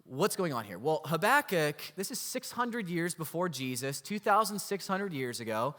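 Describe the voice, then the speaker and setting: A man pastor preaching a sermon in an animated, storytelling way, often asking the congregation rhetorical questions. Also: on the high side, moderate pace. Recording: long hall reverb.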